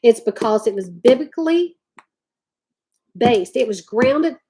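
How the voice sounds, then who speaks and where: A woman's voice: a little high, animated, unhurried, dark tone, husky. Fired-up woman ranting to viewers. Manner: emphatic, drawling, addresses viewers as y'all. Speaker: vlogger talking to live chat. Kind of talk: impassioned rant to viewers.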